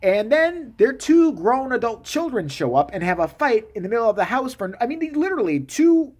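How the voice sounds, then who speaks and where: A man vlogging a profane, sarcastic comic rant about a movie, swinging between mumbles and loud bursts. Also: extremely high pitch, big pitch swings, a little fast.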